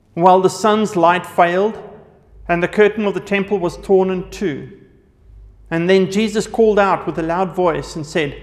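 A man's voice: high-pitched, in a large hall. A man preaching a sermon, reading scripture aloud and then explaining it with verse references.

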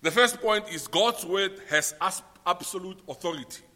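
A man's voice: sits high, moderate pace, bright, forceful tone, long reverb tail. A man with a South African accent preaching a sermon, spelling out his points and repeating them for note-takers. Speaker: pastor.

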